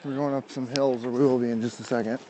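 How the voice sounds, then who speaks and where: A man's voice: medium pitch, little pitch movement, fast talker, warm tone, slight background noise, rough recording. An American man livestreaming a casual walk outdoors from his phone, chatting with viewers and out of breath from climbing steep hills. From United States. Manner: chatty, answers viewer comments while walking. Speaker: vlogger. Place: outdoors on steep city streets.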